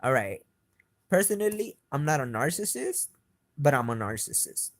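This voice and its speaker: A young man ranting on and on, swearing constantly, his voice climbing in pitch as he gets worked up. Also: sing-song, normal speed, no echo. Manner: agitated, swears constantly, voice climbs when heated. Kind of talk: profane rambling rant to camera.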